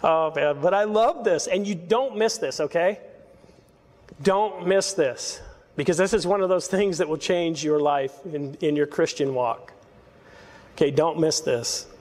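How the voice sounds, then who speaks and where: A man preaching a verse-by-verse sermon as pastor, talking in a conversational way with sarcastic asides and quick laughs. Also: a little high, darkish tone. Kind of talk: expository sermon. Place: church sanctuary. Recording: hall reverb.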